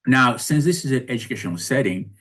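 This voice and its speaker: A man's voice: medium pitch, expressive, quick pace, a bit bright. A man in his sixties from Haiti, telling his life story in a reflective, conversational way as an interview guest. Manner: reflective, conversational, with frequent restarts.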